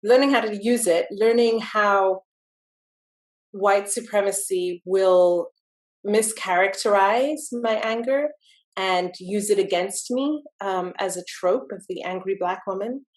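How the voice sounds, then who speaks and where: A woman's voice: mid-range voice, unhurried. A woman speaking as a podcast guest, reflective and thoughtful in casual conversation. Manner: reflective, thoughtful, with frequent fillers.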